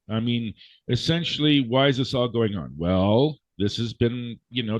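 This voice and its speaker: A male guest with a fairly low voice delivers a blunt, profane, lecturing rant, hammering his points home with emphasis. The lo-fi audio sounds dull and dry, with no room sound.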